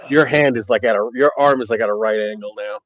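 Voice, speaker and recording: A man running a tabletop horror game as game master, narrating haltingly with many ums. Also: on the low side, fairly bright tone. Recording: dull, dry sound.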